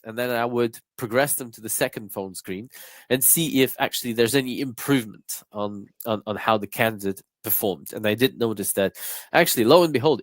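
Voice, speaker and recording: A congested, slightly croaky man co-hosting a live stream on a video call, relaxed and full of fillers. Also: mid-range voice, no echo. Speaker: co-founder and interview coach.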